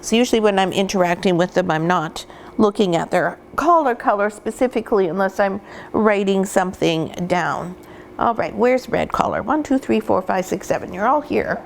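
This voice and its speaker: A woman dog breeder giving an instructional demonstration, gently cooing at the puppies now and then. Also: medium pitch, animated, moderate pace, gravelly, a little hiss or hum.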